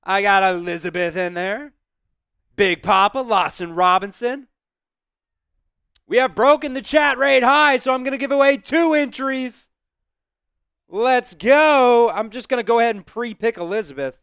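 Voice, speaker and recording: A man hosting a live stream, chatting with viewers and shouting excited play-by-play football calls. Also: very high voice, a little slow, clean tone, no room sound, studio quality.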